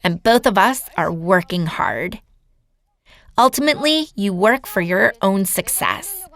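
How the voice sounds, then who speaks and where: A woman's voice: mid-range voice, expressive, unhurried, a bit bright. A woman giving a lecture as an earnest personal testimony, telling her story to a seminar audience. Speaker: seminar speaker.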